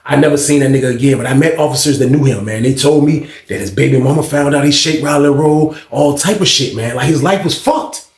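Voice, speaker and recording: A man telling a story casually, animated and slangy, acting out the people in it. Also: medium pitch, brisk, hardly any pauses. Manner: animated, acts out voices, slangy and profane. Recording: roomy echo.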